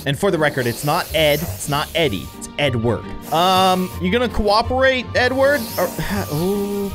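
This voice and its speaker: Brief: young male gaming host, playful rambling commentary, very animated pitch. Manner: chatty and playful, rambling asides. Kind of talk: mobile game commentary.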